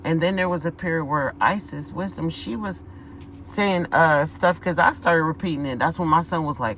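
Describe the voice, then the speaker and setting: A woman's voice: sits low, normal speed, a bit bright, slight background noise, poor audio. A woman giving a casual spiritual vlog monologue, talking emphatically, repeating words and calling her viewers y'all. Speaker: spiritual vlogger.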